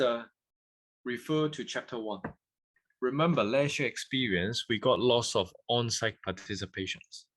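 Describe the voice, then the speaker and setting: A man's voice: fairly low pitch, fairly bright tone. Hong kong guy lecturing, mixes english and cantonese, keeps saying ok, checks if the class follows. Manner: switches between English and Cantonese, checks in with "OK" and "得唔得". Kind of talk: university lecture.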